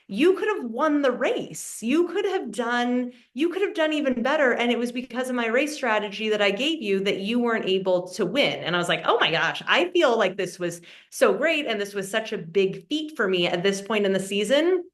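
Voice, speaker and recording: A woman's voice: fairly low pitch, fairly bright tone. A woman from Oregon, a family therapist, speaking in a friendly, earnest and conversational way over a video call, with frequent "like" and "um" and some restarts. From Oregon, USA. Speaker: guest speaker, licensed marriage and family therapist. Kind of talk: conversational webinar presentation.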